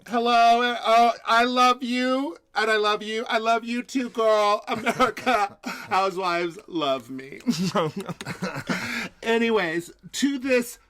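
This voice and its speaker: A man putting on a high, gushing voice as an effusive, sassy woman morning-TV host. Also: sharp tone, exaggerated voice. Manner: squealing, effusive, mock-threatening.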